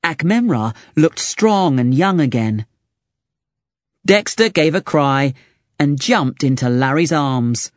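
A narrator reading a children's storybook aloud with slow, expressive delivery. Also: mid-range voice, no room sound.

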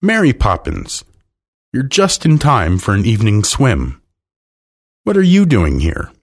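A man's voice: lowish voice, wildly swooping pitch, a little slow, slightly rough, heavily acted. A man voicing a cheerful, welcoming mother dolphin.

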